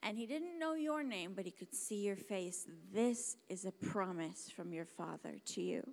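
Woman preacher, sermon, slow delivery, dramatic, hushed to loud, emphatic repetition. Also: medium pitch, lively intonation, creaky. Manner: dramatic, swings from hushed whispers to loud exclamations; emphatic, repeats words for stress.

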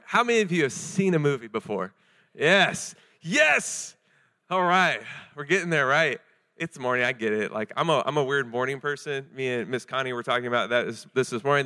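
A young man preaching a sermon in a casual, joking and animated way, with many fillers. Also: medium pitch.

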